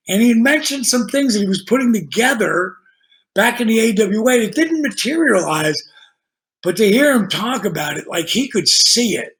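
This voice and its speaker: A man guest on a podcast, telling casual stories in an animated, profane way and acting out the dialogue. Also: high-pitched, moderate pace. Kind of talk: casual storytelling.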